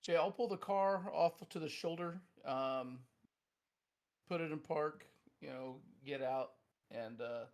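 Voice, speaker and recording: During a tabletop role-play chat, a player describes his character's actions hesitantly, with many fillers. His voice is on the high side and his pace is measured.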